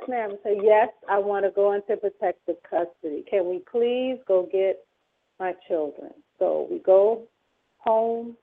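A woman telling her story as a radio guest, acting out past dialogue with sharp emphatic peaks. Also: fairly high pitch. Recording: tinny phone line.

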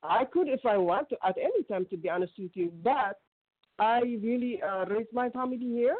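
A woman's voice: a little high, expressive, husky, no room sound. Middle-aged Ethiopian-accented woman, phone-in guest, stumbling and restarting, tinny dry line. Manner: halting, many restarts and fillers. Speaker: guest caller. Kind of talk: radio call-in interview.

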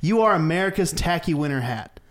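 A man's voice: on the high side, a little fast. Man ranting with mock-serious bite. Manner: mock-serious, deadpan roast; laughs at his own jokes. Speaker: comedian podcast co-host. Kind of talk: comic rant on a podcast.

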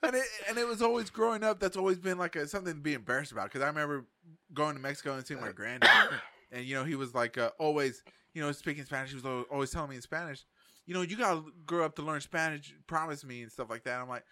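A man's voice: a little high, fast, sharp tone, dry recording. A man co-hosting a casual podcast, swearing freely, laughing often and acting out the people in his stories. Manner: swearing, laughing, acts out quoted voices. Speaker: podcast co-host. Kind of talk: casual chat.

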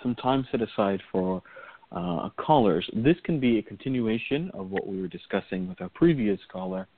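A man co-hosting a call-in radio show, explaining things in a measured way with many fillers. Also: fairly low pitch, expressive. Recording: tinny phone-line audio.

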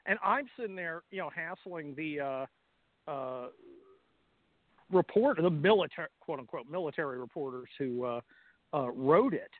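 Man, high voice, blunt, sarcastic, combative, dry tinny phone sound. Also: expressive, normal speed, no echo. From California, US. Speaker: guest commentator. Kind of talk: talk radio interview.

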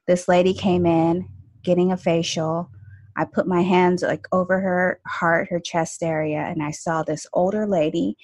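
An esthetician and energy healer tells stories in casual chat, her speech full of fillers like "like" and "you know." Her lowish voice is level, unhurried and a little mellow.

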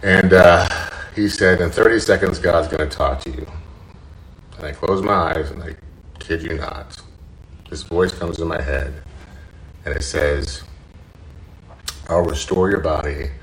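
A man hosting his own podcast, telling a personal story in an earnest, halting way, often repeating words as he goes. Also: sits low, creaky, fairly bright tone, a little hiss or hum, rough recording. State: choked up, tearful. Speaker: podcast host.

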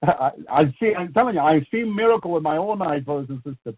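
A man's voice: on the high side, lively intonation, slightly rough, dry recording. A male minister giving a testimony sermon, breaking in with praise the Lord and often restarting his words. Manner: punctuates every few phrases with "praise the Lord"; halting, repeats words and restarts. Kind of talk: testimony preaching. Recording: dry, tinny phone-like sound.

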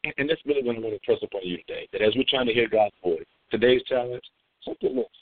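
A man's voice: medium pitch, fast talker, no echo. A man hosting a conversational devotional talk, telling a story with lots of fillers and repeats. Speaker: devotional host. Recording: phone-like dry recording.

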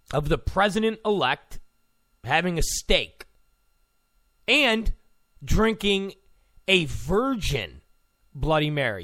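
Male commentator, sarcastic rant, gravelly, lively swooping pitch, mocking. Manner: sarcastic, mocking, insult-heavy. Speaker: political commentator. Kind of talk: ranting political commentary.

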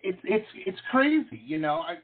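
A man hosting an interview show, enthusiastic and quick to laugh in casual chat. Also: very high-pitched, expressive, gravelly, slightly rough. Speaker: talk show host. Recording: tinny phone-like line.

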